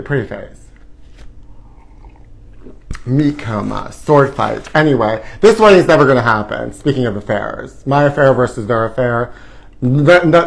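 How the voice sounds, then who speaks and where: A man's voice: mid-range voice, creaky, rough recording. Campy, sassy man hosting a gossip show. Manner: campy, sassy, theatrical, calls viewers honey. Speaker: host. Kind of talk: campy live gossip chat. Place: hot indoor studio.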